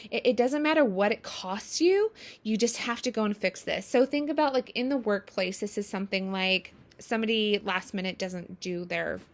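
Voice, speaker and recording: A woman's voice: medium pitch, normal speed. A woman coaching in a casual teaching style, acting out quoted examples as she explains. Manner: acts out quoted examples with lively shifts in voice.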